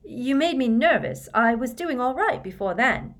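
A woman's voice: sits low, normal speed, darkish tone. A woman voicing a nervous, flustered teenage girl who stumbles and apologizes in a storybook reading.

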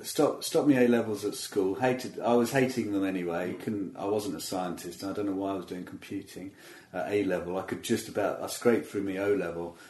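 A man's voice: deep voice, fairly even intonation, fairly quick, a little mellow. A man, chatting as a comedian guest in a loose, self-deprecating way, often restarting his sentences. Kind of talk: casual interview chat. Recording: roomy echo.

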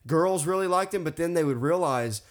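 A man's voice: a little high, moderate pace. A man in his late twenties or thirties, swearing and saying "dude" a lot as he tells party stories in a casual chat. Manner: animated storyteller, swears a lot, says "dude" often.

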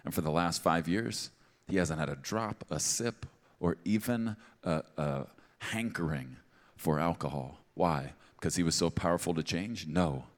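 A very low-voiced man preaches to a congregation, talking like he's chatting with them but hitting his points hard and tossing in playful asides. His voice rings out with a long reverb, the sound of a big church auditorium. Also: a little slow. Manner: conversational and emphatic, with playful asides. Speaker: pastor. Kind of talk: sermon.

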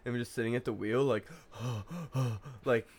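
A young man co-hosting a casual podcast. He tells loose, rambling stories full of filler words and curse words, and his voice sits at an ordinary middle pitch. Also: steady tone, very fast. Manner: rambling, heavy on "like" and swearing. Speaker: podcast co-host. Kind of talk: casual chat.

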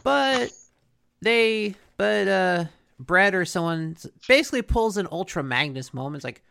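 A woman's voice: mid-range voice, lively intonation, a little slow, creaky, a bit bright, smooth. A woman co-hosting a casual chat, recapping a cartoon episode in a rambling way with lots of fillers and restarts. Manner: rambling, filler-heavy storytelling with frequent restarts.

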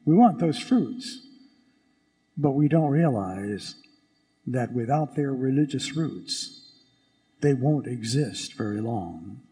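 A man who is a priest preaching a sermon in a church. He speaks emphatically, asking rhetorical questions and stressing words slowly. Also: mid-range voice, animated, mellow, breathy edge. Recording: long church reverb.

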